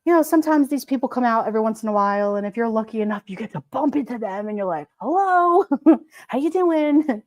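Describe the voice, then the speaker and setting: A woman's voice: on the high side, racing, hardly any pauses, no echo. Woman, live stream host, casual rambling chat, giggly, dry recording.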